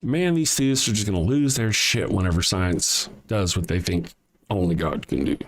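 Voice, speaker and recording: An older man with a Southern US accent and a low-pitched voice hosts a casual livestream at a moderate pace. He reads viewer comments out bluntly and profanely, chuckling often as he goes.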